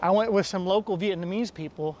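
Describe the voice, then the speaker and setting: A man's voice: high voice, brisk, darkish tone, muffled recording, a little hiss or hum. A man from the United States talking casually to camera outdoors, rambling and correcting himself, a little out of breath. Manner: rambling, self-correcting, with light laughs. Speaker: travel vlogger. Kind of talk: casual vlog talk.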